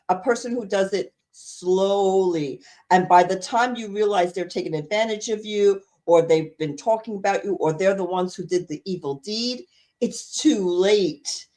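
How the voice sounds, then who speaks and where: A woman's voice: medium pitch, mellow. A middle-aged woman co-hosting a podcast, chatting casually and rambling as she searches for words, laughing easily. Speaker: podcast co-host. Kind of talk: casual chat.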